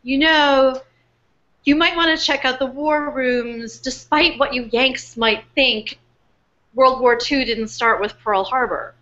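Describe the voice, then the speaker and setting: A woman's voice: sits high, slow pace, pushed and bright, lo-fi sound, heavily acted. A woman retelling the words of a British man in a pub, with a light British accent, in an amused, teasing way.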